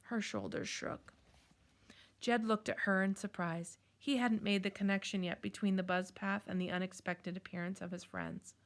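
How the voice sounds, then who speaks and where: A woman reading a children's chapter book aloud in a calm, measured storytelling manner. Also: mid-range voice. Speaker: storybook reader.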